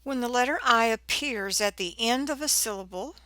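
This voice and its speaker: A woman teaching a phonics lesson to children, sounding out words slowly and clearly. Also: fairly high pitch, pushed and bright, no echo. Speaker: reading teacher.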